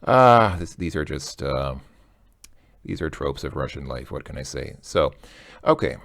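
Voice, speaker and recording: A man's voice: extremely low pitch, animated, unhurried, creaky, a bit bright, dry recording, studio quality. A man casually explaining a language lesson, chatty and joking, thinking aloud as he goes. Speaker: language teacher.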